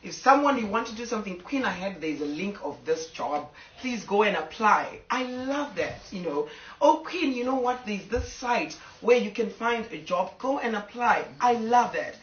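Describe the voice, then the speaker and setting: A woman's voice: medium pitch, expressive, normal speed. Woman on a live video, emotional, rambling, distant from the mic, dull roomy sound. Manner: talks to fans, stops to scold her dogs. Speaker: social media personality. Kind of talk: casual live video to fans. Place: home with a fireplace.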